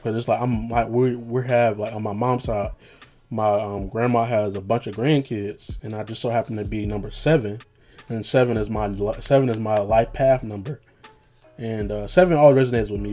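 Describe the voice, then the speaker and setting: A young man rambles through a casual monologue, cracking jokes and leaning on slang and filler phrases. His pitch sits in an ordinary middle range, with faint music running underneath. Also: a little mellow.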